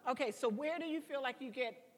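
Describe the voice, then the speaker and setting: A woman's voice: sits high, fairly quick, long reverb tail, soft background music. A woman coaching a choir through a gospel song, speaking her instructions and breaking into sung demonstrations. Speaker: vocal coach teaching a choir. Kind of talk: singing lesson.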